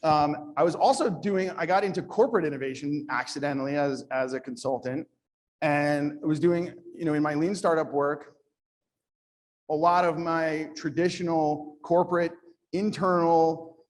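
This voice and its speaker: At a startup event, a man with a slightly high voice gives a live conference talk at a normal speed. His manner is conversational and self-deprecating, and he often restarts his sentences.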